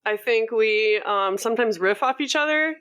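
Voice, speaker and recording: Playful high-voiced woman co-host. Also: moderate pace, fairly bright tone, clean tone. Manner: laughs often, playful. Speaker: podcast co-host. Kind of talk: casual chat.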